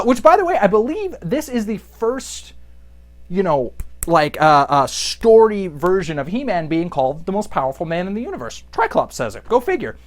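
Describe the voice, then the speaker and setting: Rambling, animated comic reviewer. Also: medium pitch, normal speed. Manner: rambling, jokey, lots of fillers. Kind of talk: casual comic recap.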